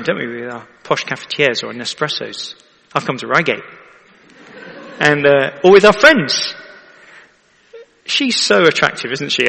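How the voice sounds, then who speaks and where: A man's voice: on the high side, creaky, sharp tone, long reverb tail, slight background noise. A man, a vicar preaching in a chatty way and often asking the congregation to agree. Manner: chatty, asks the audience for agreement. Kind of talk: sermon.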